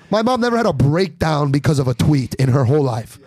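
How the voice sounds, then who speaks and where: A man's voice: fairly high pitch, quick pace, few pauses, dry recording. A man, a comedian, chatting casually on a podcast and acting out other people's voices as he tells stories. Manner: animated storytelling, acts out other people's voices. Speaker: comedian guest.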